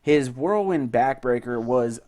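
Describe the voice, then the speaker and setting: A young man co-hosting a podcast, telling stories in a casual, excited and profane way. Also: medium pitch, a little slow. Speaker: podcast co-host. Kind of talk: casual chat.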